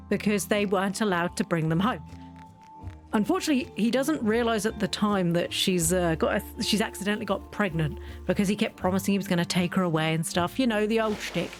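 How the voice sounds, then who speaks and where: Chatty woman rambling over a game. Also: mid-range voice. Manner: chatty, rambling, self-interrupting. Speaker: gaming channel host. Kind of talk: casual let's-play commentary.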